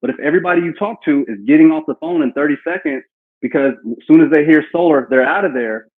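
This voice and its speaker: Husky man coaching sales over a tinny line. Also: fairly high pitch, fast. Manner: coaching, acts out cold-call lines. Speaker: sales trainer. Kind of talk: live sales training session. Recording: tinny phone-like call audio.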